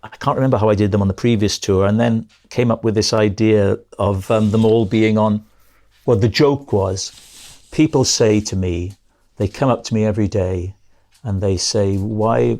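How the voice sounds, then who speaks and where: Man, middle-aged, lower voice, comedian guest, casual podcast chat, rambling self-correcting storyteller. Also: steady tone, moderate pace, a little mellow.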